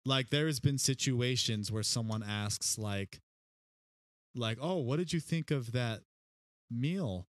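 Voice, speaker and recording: A man with a mid-range voice talks through a relaxed podcast conversation. He laughs easily and keeps the tone playful. The recording is dry and close to the mic. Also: mid-range voice, takes it slowly, dry recording. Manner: laughs often, playful, drops into silly voices. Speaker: podcast guest. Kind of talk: casual podcast chat.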